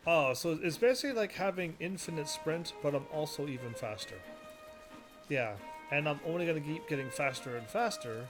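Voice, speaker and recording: A man casually commentating while he plays a game, rambling and quick to laugh at it, with game music behind him. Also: fairly high pitch, expressive. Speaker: gaming video host. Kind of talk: casual let's-play commentary.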